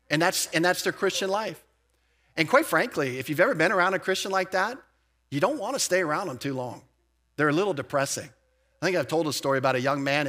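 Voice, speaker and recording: Pastor, man, casual expository preaching, mid-pitched voice, punchy emphasis, loose asides. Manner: conversational, animated emphasis with asides and restarts. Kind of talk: expository sermon. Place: church.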